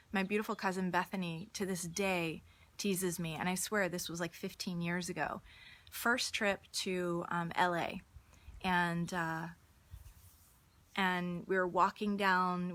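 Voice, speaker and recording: A woman hosting a live stream, giving an earnest, casual motivational talk and telling personal stories, often restarting her words. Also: fairly low pitch. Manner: earnest, warm-hearted, restarts words, storytelling.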